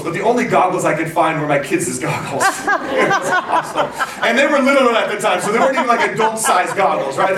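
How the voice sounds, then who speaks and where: A man preaching a sermon to a congregation, telling a lively story, acting out what people said, and laughing along the way. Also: sits high, far from the mic. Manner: storytelling, lively, acts out quotes, laughs often. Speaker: pastor. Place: large church hall with congregation. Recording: echoey hall, recorded from afar, congregation audible.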